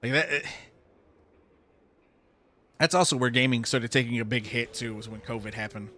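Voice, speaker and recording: A man's voice: medium pitch, moderate pace, sharp tone. A man streaming a game, ranting heatedly with lots of swearing. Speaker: gaming streamer. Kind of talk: ranting commentary while playing a game.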